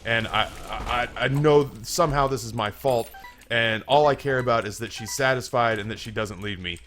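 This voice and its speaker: A man's voice: mid-range voice, normal speed, fairly bright tone, faint music behind, close to an everyday voice. A man doing a desperate, stammering husband. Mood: pleading. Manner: earnest, stammering pleas. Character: desperate, pleading middle-aged husband.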